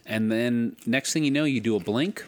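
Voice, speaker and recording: A man's voice: mid-range voice, normal speed, darkish tone. A man co-hosting a casual chat, loose and rambling, with crude asides. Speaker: podcast co-host.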